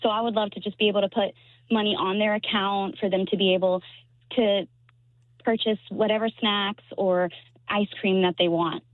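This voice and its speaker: A woman teacher calling in to a radio show from her parked car, speaking earnestly and a little haltingly. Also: mid-range voice, steady tone, dry recording. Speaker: third grade teacher, caller. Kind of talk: casual phone call on radio. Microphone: phone. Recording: tinny phone line.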